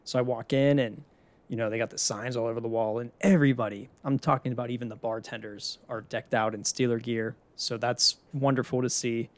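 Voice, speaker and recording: A young man from the Pittsburgh area hosts a casual solo podcast, talking loosely and chattily with casual swearing. His medium-pitched voice is fairly quick with fairly even intonation.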